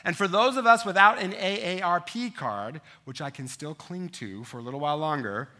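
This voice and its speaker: Male pastor in his fifties, sermon delivery, bright and slightly high voice, animated storyteller. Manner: animated storytelling, asides to the congregation.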